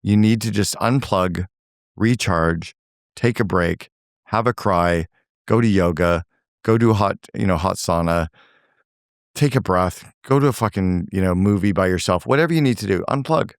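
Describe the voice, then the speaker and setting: A man's voice: sits low, normal speed, dry recording, studio quality. An older man giving blunt, emphatic advice as a guest in a podcast interview, swearing for emphasis.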